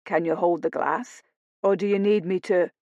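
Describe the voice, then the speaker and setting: A woman's voice: on the low side, steady tone, moderate pace, dark tone, dry recording, muffled recording, close to an everyday voice. A woman playing a firm, protective husband. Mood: gentle. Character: commanding husband, tender with his wife.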